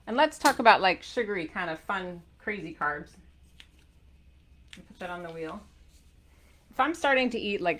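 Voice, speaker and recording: A middle-aged woman gives an energetic talk to camera as a diet author. Her voice is bright and forward, and her manner is playful and animated, with loud emphatic bursts when she drives a point home. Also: medium pitch. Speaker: author and keto diet coach.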